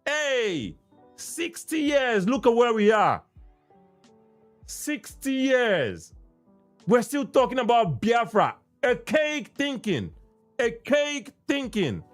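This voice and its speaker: A man with a Nigerian accent, hosting a podcast in impassioned solo commentary, ranting and repeating himself as he mixes in Pidgin. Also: high voice. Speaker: podcast host.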